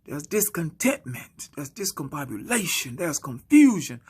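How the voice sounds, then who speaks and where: A man giving a spoken-word motivational sermon, slow and dramatic, often dropping into hushed whispers. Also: on the high side, big pitch swings, slightly rough. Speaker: motivational speaker.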